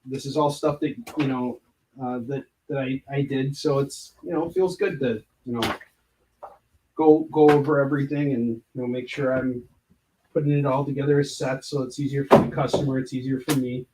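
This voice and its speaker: A man's voice: mid-range voice, fairly even intonation, moderate pace, dark tone, recorded from a distance, slight background noise. A man casually chatting on a livestream while prepping his stock in a room indoors, rambling and joking with viewers between tasks. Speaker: comic artist livestreaming convention prep. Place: indoor prep room where he packs books.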